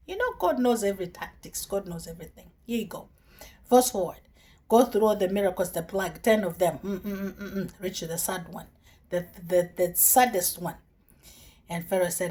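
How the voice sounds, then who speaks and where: A woman preacher retelling a scripture story in a sermon, animated, dropping into whispers and bursting into exclamations. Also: medium pitch, normal speed, breathy edge.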